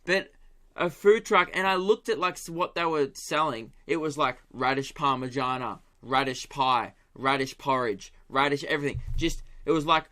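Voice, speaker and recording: A young man tells a comic rant on his solo podcast. His voice sits a little higher than most men's. He swears freely, laughs often and keeps the delivery animated. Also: normal speed. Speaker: comedian podcast host.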